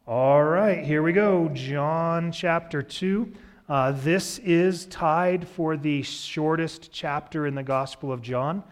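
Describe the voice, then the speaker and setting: Pastor guy giving a sermon in church, kinda high voice, loose and jokey. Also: slow. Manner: relaxed, joking asides to the congregation. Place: church sanctuary.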